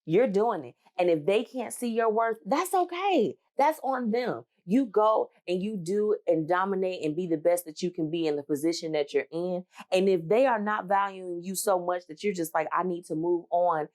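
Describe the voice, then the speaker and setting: A woman in her thirties hosting a podcast, telling a personal story and giving advice in an animated, emphatic way, talking straight to her listeners. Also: mid-range voice, moderate pace, hardly any pauses. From United States. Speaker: podcast host.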